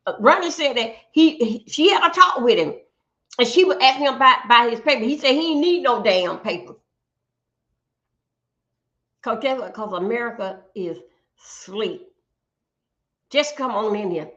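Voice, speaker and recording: A woman with a fairly high voice hosts a livestream, ranting bluntly with plenty of swearing. She trips over repeated words as she pushes her points. The sound is dull and lo-fi, like typical livestream audio. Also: fairly bright tone. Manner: emphatic, blunt and profane, with stumbling repeats. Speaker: livestream host. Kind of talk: ranting commentary.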